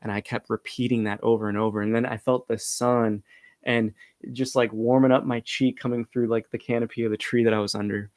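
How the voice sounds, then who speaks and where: A man earnestly recounting a personal breathwork experience, halting and full of fillers. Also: medium pitch, flat delivery, a little mellow, dry recording. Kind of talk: personal storytelling.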